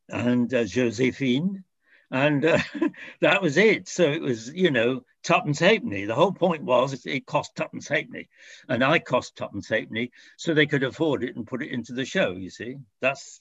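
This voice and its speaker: An older man recalls his acting days in an interview. He rambles and corrects himself, with a soft chuckle here and there. The recording is dry and a bit muffled. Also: medium pitch, no room sound. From France. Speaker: actor. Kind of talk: reminiscing interview answer.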